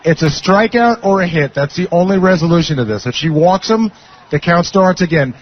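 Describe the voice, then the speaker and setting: A man's voice: high-pitched, animated, fairly quick, lo-fi sound, a little hiss or hum. A man on a live radio show, laying out the rules plainly.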